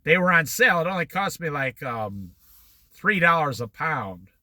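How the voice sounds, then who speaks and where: A man's voice: fairly high pitch, sing-song, normal speed, sharp tone, no room sound. A man giving a motivational talk in a folksy way, repeating his points for emphasis. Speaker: speaker.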